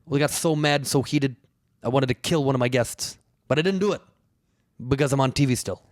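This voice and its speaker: A man's voice: mid-range voice, brisk, no room sound, studio quality. A male comedian chatting casually as a podcast guest, rambling and acting out bits. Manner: animated, rambling, acts out bits.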